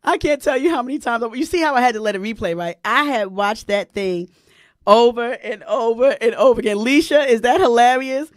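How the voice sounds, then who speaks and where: A woman hosting a radio show, chatting casually with her listeners, animated and laughing often. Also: a little high, a little fast, no echo, clean studio sound. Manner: animated, laughs a lot, sings playful bits.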